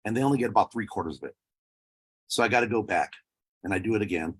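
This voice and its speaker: Husky-voiced man telling his story. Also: fairly low pitch, fast talker, fairly bright tone. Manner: emotional, voice breaking at times. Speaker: speaker sharing a personal story. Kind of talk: personal testimony.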